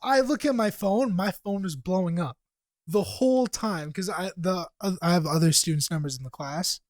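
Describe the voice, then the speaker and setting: A man's voice: high-pitched, normal speed, no echo. A young man co-hosting a podcast, telling a story in casual chat, swearing freely and acting out what others said. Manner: animated, profane, acts out quotes. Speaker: podcast co-host.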